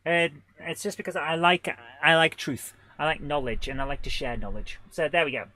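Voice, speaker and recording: A man streaming a retro game live, chatting with viewers in a joking manner and reacting loudly to the gameplay. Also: fairly high pitch, a little fast. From Britain. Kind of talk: casual live-stream chat, reading chat aloud.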